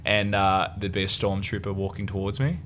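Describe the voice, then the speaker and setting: Young Australian male actor, low register, animated anecdotes, light room noise. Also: fairly quick. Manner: animated storyteller, acts out quoted exchanges. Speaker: actor guest. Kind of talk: casual interview chat.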